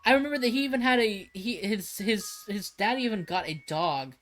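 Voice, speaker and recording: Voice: medium pitch, moderate pace, fairly bright tone, soft background music. A livestreamer chatting casually, rambling and emphatic with frequent restarts and swearing.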